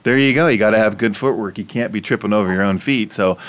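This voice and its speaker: A man's voice: fairly low pitch, quick pace, fairly bright tone. A man hosting an interview, chatty and laughing often as he leads with questions. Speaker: interview host. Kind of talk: casual interview.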